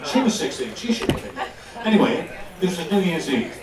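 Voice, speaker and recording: Older man telling lively stage anecdotes. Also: high voice, fairly quick, a crowd in the background. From London. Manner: animated anecdotes, often laughing. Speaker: guest actor. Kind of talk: live stage storytelling. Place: stage in a club hall before an audience. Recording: echoey hall, distant mic.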